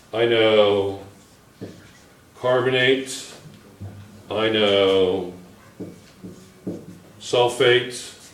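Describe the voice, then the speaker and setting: Slow, echoey classroom teacher, heard from afar. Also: male voice, medium pitch, a bit bright. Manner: checks in constantly with "okay?", restarts and self-corrects. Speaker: chemistry teacher. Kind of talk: classroom lecture at a whiteboard. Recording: echoey classroom, recorded from a distance.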